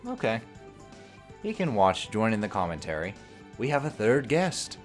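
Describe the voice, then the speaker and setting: A woman's voice: very deep voice, very animated, normal speed, soft background music. A woman co-hosting a let's play, making dry, wisecracking remarks as she plays. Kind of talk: casual gameplay commentary. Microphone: own desk microphone.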